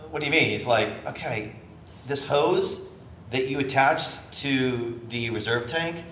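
Man telling an animated story, echoey room. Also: on the high side. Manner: animated storyteller, acts out voices. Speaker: bishop. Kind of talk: storytelling sermon. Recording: echoey room with faint noise.

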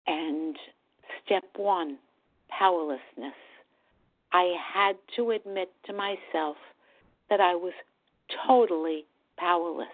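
A middle-aged woman sharing her personal recovery story at a meeting, talking in a halting, earnest way. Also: fairly low pitch. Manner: slow, halting, earnest, with pauses and restarts. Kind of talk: personal testimony at a support meeting. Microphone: phone call. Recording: tinny phone line.

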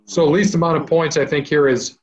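A man's voice: fairly high pitch, fairly even intonation, brisk, low-quality recording. Upbeat man hosting a sports quiz. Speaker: trivia quiz host. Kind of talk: casual podcast chat.

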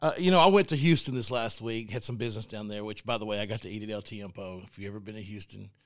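A man's voice: fairly low pitch, quick pace, dry recording, studio quality. A man co-hosting a casual sports talk show, telling stories with lots of laughter and false starts. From Arkansas. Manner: animated storyteller, laughs often, restarts sentences. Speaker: podcast co-host and youth football coach.

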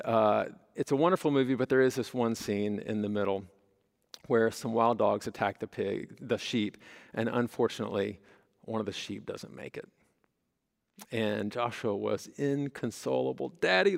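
A man's voice: mid-range voice, creaky. A man preaching a sermon as pastor, talking to his congregation in a conversational way, with rhetorical questions and personal stories. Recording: long reverb of a large hall.

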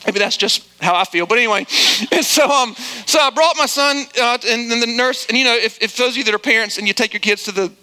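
A man's voice: very high-pitched, fast talker, sharp tone, clear, resonant tone. A middle-aged man preaching a sermon, telling comic stories with chatty, self-deprecating asides. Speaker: pastor.

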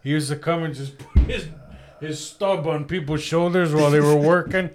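A man's voice: a little high, fairly even intonation, moderate pace, slight background noise. A man co-hosting a casual podcast, crude and swearing often as he tells a story. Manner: crude, swears a lot, laughing. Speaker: podcast co-host. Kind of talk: casual chat.

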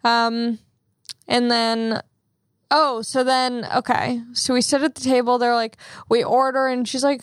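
A woman's voice: fairly high pitch, flat delivery, clear, resonant tone, no room sound, studio quality. Chatty young woman podcast host. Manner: chatty, swears freely, quick storytelling. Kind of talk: casual chat.

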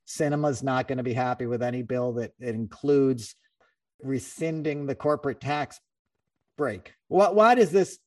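A man hosting a podcast in casual political chat, rambling and animated, with many restarts and swearing. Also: mid-range voice, normal speed, distant mic. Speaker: podcast host.

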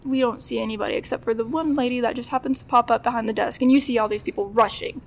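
A woman's voice: fairly high pitch, fast, gravelly, a little hiss or hum. A woman in her twenties telling a story as a podcast guest, chatty and often acting out what people said. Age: 20s. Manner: chatty, acts out quoted dialogue, laughs often. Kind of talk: casual storytelling.

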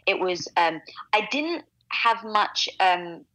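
An upbeat, articulate British woman speaks as an interview guest over a video call. Her voice is bright and clear, and the sound is close and dry with no room around it. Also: mid-range voice, lively intonation, slow, no echo, rough recording. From England. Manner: upbeat and eloquent.

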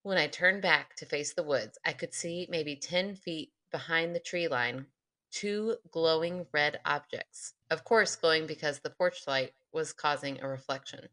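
A woman podcast co-host reading a listener's spooky story aloud in casual chat, laughing often and slowing for dramatic pauses. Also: low voice, pushed and bright.

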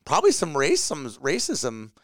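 A man hosting a relaxed interview, asking casual leading questions. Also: a little high, normal speed, no echo, studio quality. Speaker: host. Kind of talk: conversational interview.

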